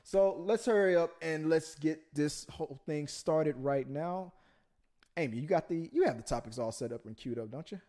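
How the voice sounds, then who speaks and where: A man from Texas hosts a loose, chatty podcast, his voice sitting a little higher than most men's. He rambles through his points, stopping and restarting as he thinks out loud. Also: moderate pace. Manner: rambling, with frequent restarts and fillers. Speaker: host. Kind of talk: casual podcast chat.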